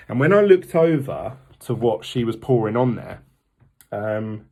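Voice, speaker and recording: A man's voice: on the low side, normal speed, a little mellow. A man, talking candidly and rambling in a casual vlog with lots of ums. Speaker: vlogger. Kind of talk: casual diet vlog talk.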